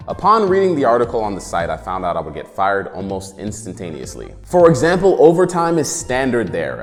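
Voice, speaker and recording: A man's voice: medium pitch, in a large hall. A man in his twenties doing a sarcastic, slangy comedic rant as the show's host. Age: 20s.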